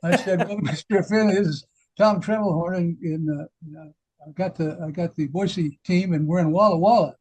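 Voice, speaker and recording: Husky high-voiced older man telling stories. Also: moderate pace, poor audio. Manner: animated, laughing storyteller. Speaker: former minor league manager. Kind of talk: casual storytelling chat.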